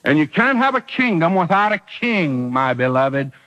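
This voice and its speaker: Preacher guy on an old radio broadcast, high bright voice swinging all over the place. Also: very animated, moderate pace, highs cut off. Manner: emphatic, dramatic preaching with acted quotes. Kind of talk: sermon.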